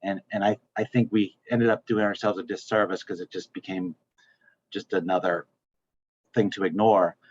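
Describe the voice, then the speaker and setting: A man's voice: deep voice, little pitch movement, moderate pace, breathy edge. A man on a council's video call, talking thoughtfully with frequent restarts. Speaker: council member. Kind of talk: casual virtual meeting talk. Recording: dull lo-fi video call audio.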